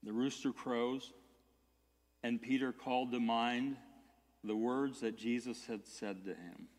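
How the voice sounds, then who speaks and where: A man's voice: medium pitch, fairly even intonation, takes it slowly. A male pastor preaching an earnest sermon, with stammered restarts that swell into emphatic peaks. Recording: long hall reverb.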